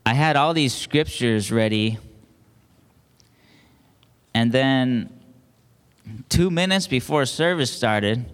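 A male pastor delivers a sermon with call-and-response, building emphasis as he goes. His smooth, medium-pitched voice is slow and pauses often. The recording, made in a church sanctuary, has a long hall reverb.

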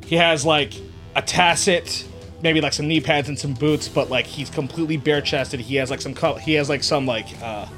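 A man's voice: fairly high pitch, moderate pace, a bit bright. A man with a slightly raised voice runs a tabletop game as game master. He describes each scene loosely, with many fillers and restarts, over faint music. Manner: rambling descriptions full of likes and uhs.

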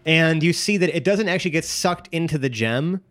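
A man's voice: on the high side, brisk, a crowd in the background. A man narrating as game master of a tabletop role-playing game, rambling with many fillers and restarts.

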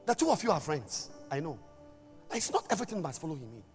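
Male pastor, lively high voice, stammers, emphatic sermon delivery; long church reverb. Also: quick pace. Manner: emphatic, stammering, swings from loud to soft. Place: church hall. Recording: reverberant church hall with music.

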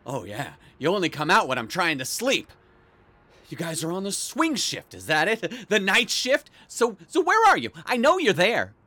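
A man's voice: high-pitched, wildly swooping pitch, normal speed, no echo, full character voice. A man playing a paranoid, sleepless tenant. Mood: taunting. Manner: swings between muttering and yelling. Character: sleepless, paranoid man obsessed with noises in the walls. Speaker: actor in a one-man radio play. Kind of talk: audio drama monologue.

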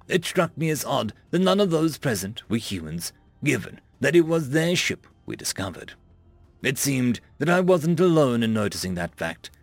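Gravelly guy reading a sci-fi audiobook, wry first person, bouncy delivery. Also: mid-range voice, no room sound. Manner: wry, conversational storytelling. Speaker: audiobook narrator.

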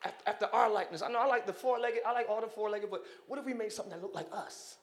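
A man voicing God as a relaxed, playful male creator who talks casually and repeats himself as he muses. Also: high-pitched, rapid-fire, close to an everyday voice. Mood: musing. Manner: casual, chatty, hesitant repeats.

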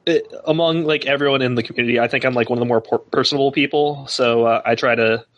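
A man playing in a tabletop game, describing his character's approach in a relaxed way full of fillers. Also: medium pitch, quick pace, highs cut off. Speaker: player. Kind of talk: casual tabletop play.

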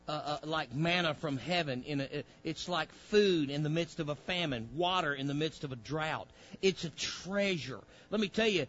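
A man's voice: on the high side, a bit bright, lo-fi sound. A male preacher, delivering a fiery sermon with folksy grammar, directing a reader and acting out pleading voices.

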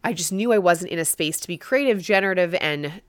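A woman hosting a solo podcast, telling a candid story about her own day with animated, self-mocking frankness. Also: fairly low pitch, a little fast, no echo. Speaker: podcast host.

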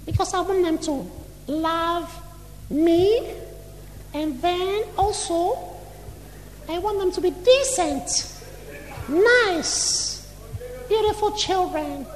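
A man's voice: extremely high pitch, slow, pauses often, voice pushed up. A man voicing a doting married woman, rambling fussily about laying the table and her husband. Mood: gushing. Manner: rambling, fussy and giggly. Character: doting married woman, chatty and house-proud. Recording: long hall reverb, faint room noise.

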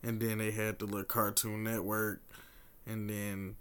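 Bright-voiced young man in laid-back banter. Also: on the low side, little pitch movement, smooth. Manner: laid-back slangy banter, quick to laugh. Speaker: podcast co-host. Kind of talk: casual chat.

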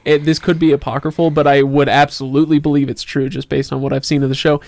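A man's voice: fairly high pitch, flat delivery, fast talker, gravelly, a little mellow, no echo. Man chatting on a podcast, dry sound. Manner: rambling storyteller with restarts. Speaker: podcast co-host. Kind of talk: casual chat.

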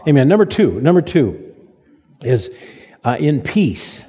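An older man preaches in a folksy, halting way, restarting his phrases and joking at his own expense. His voice is mellow and a little husky, pitched somewhat high for a man. It rings out with a long reverb, as in a church sanctuary. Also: big pitch swings. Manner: folksy, halting restarts, self-deprecating humor. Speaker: pastor. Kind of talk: sermon. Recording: reverberant hall.

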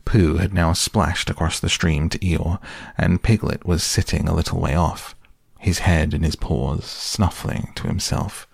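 A man narrates a storybook in a slow, measured way. His very deep voice has a gravelly, husky edge, recorded close and dry. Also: fairly even intonation, no echo. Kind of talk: storybook reading aloud.

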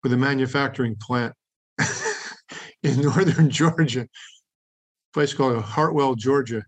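Male podcast host, mid-pitched everyday voice, loose anecdotal storytelling with chuckles. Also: normal speed. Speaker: podcast host, executive recruiter. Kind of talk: casual podcast conversation.

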